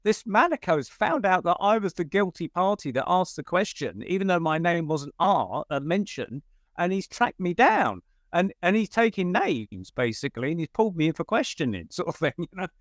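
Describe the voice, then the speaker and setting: A man guesting on an interview show, telling a story in an animated, chatty way with frequent fillers and self-corrections. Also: sits high, moderate pace, no room sound, studio quality. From United Kingdom.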